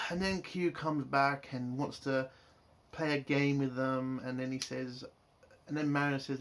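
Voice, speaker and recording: A man's voice: medium pitch, steady tone, measured pace. A man giving a casual episode review, frustrated and swearing, building into exasperated outbursts. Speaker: show reviewer.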